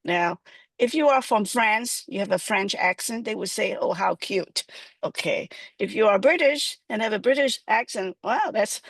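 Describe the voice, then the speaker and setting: Woman speaking with measured pauses. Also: mid-range voice, animated, creaky, no room sound. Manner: measured, with many pauses and fillers. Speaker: panelist. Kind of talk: panel discussion.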